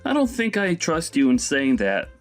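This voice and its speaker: A man's voice: fairly high pitch, huge pitch swings, moderate pace, faint music behind. A man voicing a young adult son who scolds his mother in a stern, indignant way. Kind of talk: animated story voice acting.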